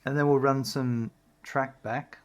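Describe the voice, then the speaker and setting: Slow, easygoing man streaming. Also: medium pitch. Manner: relaxed, chatty, talks to his dog in a sing-song voice. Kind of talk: casual gameplay commentary.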